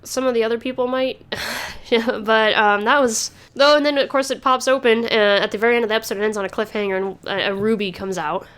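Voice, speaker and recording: A woman's voice: fairly high pitch, fairly even intonation, fast talker, few pauses, a bit bright. A woman hosting a podcast in casual chat, rambling with many fillers and restarts and laughing often. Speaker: podcast host.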